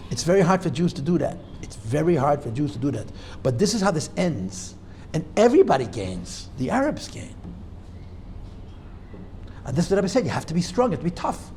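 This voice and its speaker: A male rabbi with a fairly high voice that swings widely in pitch as he lectures. He drives his points home with forceful repetition and drops Hebrew and Yiddish words into his English. A faint hiss sits under the recording. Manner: forceful, repeats key points, mixes in Hebrew and Yiddish terms. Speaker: rabbi teaching a class. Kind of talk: emphatic lecture.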